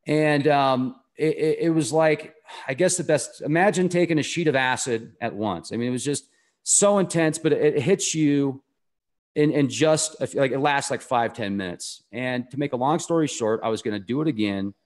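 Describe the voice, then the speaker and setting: As an interview guest, a man with an ordinary pitch tells his story conversationally at normal speed. He comes across as earnest and enthusiastic, rambling from one point to the next.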